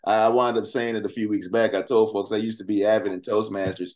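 A man's voice: on the low side, little pitch movement, brisk, darkish tone. A man talking as a podcast guest in an impassioned, conversational way, firing off rhetorical questions between casual fillers and asides. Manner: emphatic, fires off rhetorical questions.

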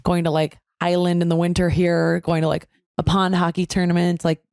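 A woman's voice: fairly low pitch, little pitch movement, a little fast, darkish tone, no echo, clean studio sound. A young woman co-hosting a casual podcast chat, blunt and swearing freely as she runs through dating advice, with the hiccups. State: has hiccups. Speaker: podcast co-host.

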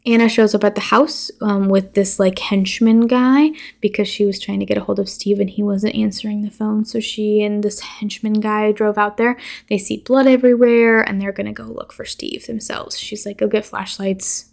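A woman hosts her own podcast and retells a horror film's ending in a loose, chatty way. Her voice has a gravelly fry at mid pitch, and she swears freely and acts out the characters' lines in quick bursts. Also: steady tone, darkish tone. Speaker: podcast host. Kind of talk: casual movie recap.

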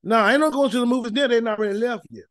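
Male Bible teacher, high voice, dry close sound, folksy and emphatic, repeats himself. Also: quick pace, a bit bright, dry recording. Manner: folksy, emphatic preaching with many repeated words. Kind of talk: informal Bible study teaching.

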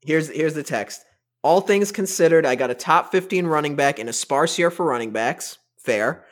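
A man's voice: a little high, normal speed. Subdued podcast host man. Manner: relaxed, subdued, good-humoured. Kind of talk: casual chat.

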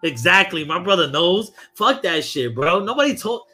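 Profane, bright-voiced New man. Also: high-pitched, very animated, moderate pace. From Brooklyn, New York. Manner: heated, profane sports rant. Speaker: podcast host. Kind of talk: casual podcast chat.

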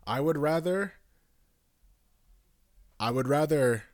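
A man's voice: a little high, expressive, slow, a little mellow, no room sound, clean studio sound. A young man hosting a solo podcast, rambling casually with lots of swearing and restarts. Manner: rambling, profane, self-correcting. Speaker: podcast host.

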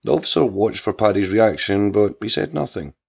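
A man narrating a crime drama story in a measured way. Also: lowish voice, expressive, vocal fry, a little mellow, breathy edge. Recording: dull lo-fi with faint music.

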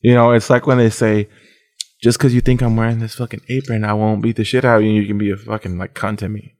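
A man's voice: lowish voice, flat delivery, quick pace, a little mellow. A young man hosting a podcast, telling profane, casual stories full of dude and bro. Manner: profane storytelling, says dude and bro a lot. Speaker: podcast host. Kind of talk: casual chat.

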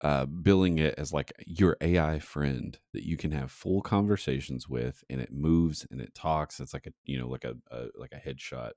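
Podcast co-host, man, extremely deep low voice, rambling easygoing talk, dry close mic. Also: moderate pace, few pauses, darkish tone, no echo. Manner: rambling, laid-back storytelling with many fillers. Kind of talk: casual chat.

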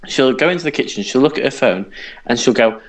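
A man's voice: medium pitch, lively intonation, fast talker, poor audio. A young man co-hosting a podcast, ranting in exasperation about pet peeves with frequent laughter. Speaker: podcast co-host. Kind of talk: casual podcast chat.

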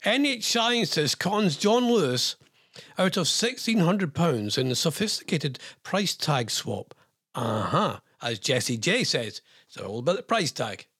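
A man's voice: a little high, a little slow, slightly rough. A man hosting a show, chatting through news stories in a joking, rambling way. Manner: animated, joking, rambling asides. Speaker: radio host. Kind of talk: jokey chat on news stories.

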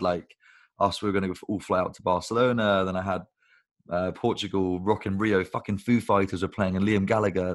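A man, a guest on a video call interview, talking casually in long rambling stories and swearing freely. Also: deep voice. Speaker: guest, recruitment business founder.

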